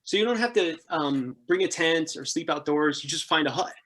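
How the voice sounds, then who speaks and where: A man in his thirties tells his travel adventures as a podcast guest. He laughs a lot and pitches up sharply to act out the people in his stories. His voice sits a little high. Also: moderate pace. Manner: animated, laughing, acts out quoted people with jumps in pitch. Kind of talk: casual storytelling interview.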